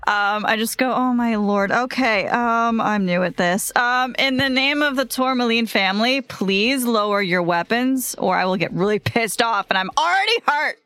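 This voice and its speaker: Bright exasperated woman player. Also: fairly high pitch, moderate pace, hardly any pauses, clean tone, dry recording. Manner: exasperated, laughing. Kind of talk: tabletop role-play.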